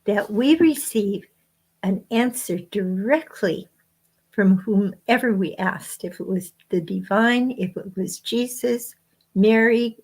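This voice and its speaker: Woman, guest author, unhurried delivery, middle pitch, spiritual teaching talk, deliberate pauses. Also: a little mellow. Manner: slow, measured phrasing with frequent pauses.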